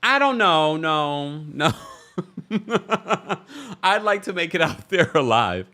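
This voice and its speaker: A man's voice: fairly high pitch, sing-song, slow pace, pushed and bright. A man hosting a livestream who chats and gossips about a reality show, reads viewer comments aloud and laughs often. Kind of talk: casual reality TV recap commentary.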